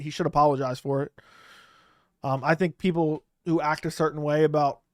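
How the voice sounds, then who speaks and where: A man's voice: on the high side, clean tone, no room sound, clean studio sound. A man hosting a live stream, chatting casually and bluntly in loose slang while he reads out viewer comments. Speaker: livestream host. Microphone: studio microphone close up.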